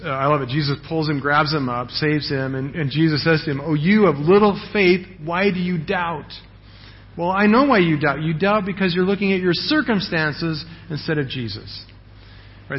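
A man's voice: fairly high pitch, dull audio, a little hiss or hum. A man preaching a sermon in a conversational way, often checking in with "right?" as he retells Bible stories. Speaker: pastor.

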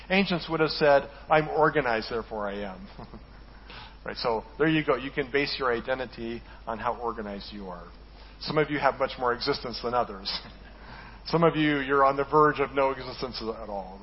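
A man's voice: mid-range voice, dull audio, slight background noise. A male pastor preaching in a conversational way, often tagging lines with "right?" and chuckling at his own jokes. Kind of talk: sermon.

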